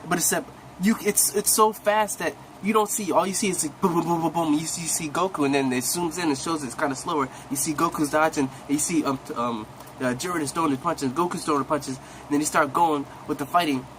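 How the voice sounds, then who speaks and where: A young man excitedly retelling an anime episode in a casual, rambling way full of slang, coughing now and then. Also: on the high side, fairly quick, noisy background. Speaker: recap host.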